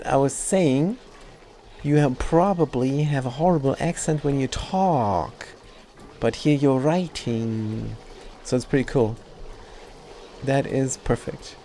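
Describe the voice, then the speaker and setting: A man's voice: mid-range voice, gravelly, dark tone, slight background noise. A German man in his sixties with a German accent, chatting casually and teasingly while live-streaming a game. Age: 60s.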